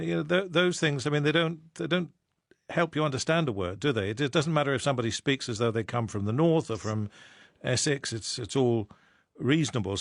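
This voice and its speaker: A man interviewing a guest, asking brisk leading questions. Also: mid-range voice, vocal fry, no room sound, clean studio sound. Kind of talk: radio interview.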